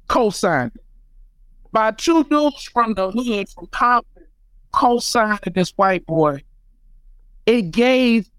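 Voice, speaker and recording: An American man, a beatmaker guest on a podcast, telling stories in an animated, emphatic way. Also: very high voice, smooth, no room sound, rough recording. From United States. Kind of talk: casual podcast chat.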